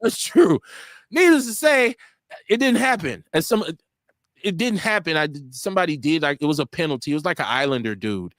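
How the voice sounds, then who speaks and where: A man in his forties hosting an internet radio show, telling stories in a casual, animated way, acting out what people said and swearing freely. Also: a little high, brisk, no room sound, studio quality.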